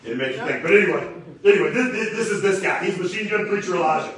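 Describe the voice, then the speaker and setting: A man preaching a casual, energetic sermon, slangy and animated, often repeating words as he restarts. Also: sits high, fast. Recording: very echoey room, distant mic.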